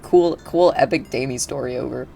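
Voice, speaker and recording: A young man streams a video game, chatting in a mellow, mid-range voice with vocal fry at a moderate pace. There's a little hiss or hum, and his casual talk meanders with frequent fillers and self-interruptions.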